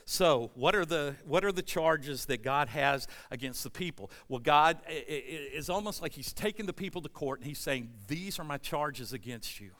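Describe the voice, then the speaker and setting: A man preaching a sermon, reading scripture and explaining it, swinging from loud emphatic stretches to quiet asides. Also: on the high side, normal speed, few pauses, big-room sound. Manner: animated preaching, rising loud at emphasis, dropping soft. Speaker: pastor.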